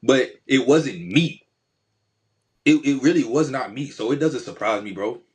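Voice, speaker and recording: A man's voice: medium pitch, expressive, measured pace, darkish tone. Slangy man, podcast co-host. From Georgia, USA. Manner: slangy, storytelling with repeated fillers. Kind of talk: casual chat.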